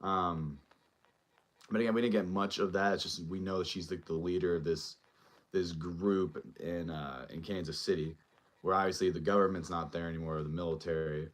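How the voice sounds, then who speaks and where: Man, very low voice, casual show host, rambling TV recap, lots of "um" and "like". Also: fairly even intonation, normal speed. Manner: rambling, filler-heavy, loosely retells scenes. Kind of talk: casual episode recap and review.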